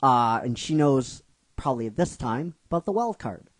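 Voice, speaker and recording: A man's voice: mid-range voice, expressive, moderate pace, no echo. A man telling and explaining the story of his own fan script in a casual, rhetorical way, repeating himself. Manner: rhetorical, keeps asking "right?", repeats himself.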